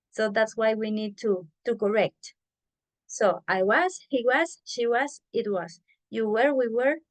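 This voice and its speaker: A woman teaching English over a video call, speaking slowly and steadily in a fairly high voice. She explains things patiently and repeats herself so the class can follow.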